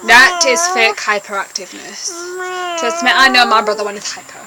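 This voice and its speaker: A woman's voice: on the high side, expressive, a little fast, crowd noise, low-quality recording. A woman chatting casually to camera as a vlogger, bossy and talkative toward her brother.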